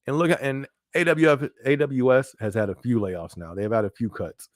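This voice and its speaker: Quick and expressive, this man's mid-range voice barely pauses as he hosts a laid-back live-stream podcast. His talk is conversational and repetitive, peppered with "you know what I mean," captured in a dry, studio-quality recording.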